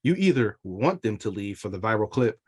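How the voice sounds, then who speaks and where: A man's voice: fairly low pitch, very animated, brisk, breathy edge. A man co-hosting a podcast, explaining his view in a laid-back casual chat. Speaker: podcast co-host.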